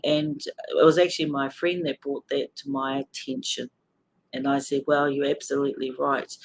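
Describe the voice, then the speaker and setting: A middle-aged woman with a New Zealand accent, talking emotionally and angrily to viewers on a live stream from a hospital, swearing as she talks to them. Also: sits low. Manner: angry, swearing, addressing viewers directly. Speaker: livestream host.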